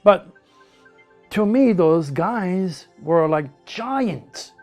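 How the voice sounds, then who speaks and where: A man with a French accent telling his life story in broken English, animated and repeating words as he goes. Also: high-pitched, extremely slow, faint music behind. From France. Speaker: interviewee. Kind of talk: personal storytelling.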